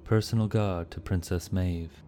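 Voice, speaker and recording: A man's voice: sits low, steady tone, a little slow, dark tone, slight background noise. A man voicing a weary wounded bodyguard.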